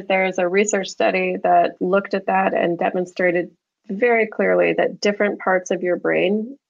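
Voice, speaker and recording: A woman guest with a low, gravelly voice explains research in an easygoing way, often breaking into light laughs. The recording is dry and slightly dull, like a lo-fi call. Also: a little mellow, dry recording. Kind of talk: conversational interview.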